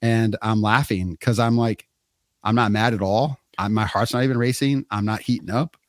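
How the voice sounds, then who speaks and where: A man's voice: lowish voice, moderate pace, dry recording, studio quality. A middle-aged man casually telling a story on a podcast, acting out what people said. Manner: animated storyteller acting out quotes.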